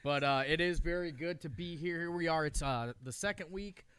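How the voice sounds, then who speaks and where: A man's voice: a little high, normal speed, fairly bright tone, clean tone, dry recording. A man co-hosting a live sports talk stream. He sounds laid-back and teases his partner dryly. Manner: laid-back, dry teasing. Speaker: sports show co-host. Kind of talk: casual live-stream chat.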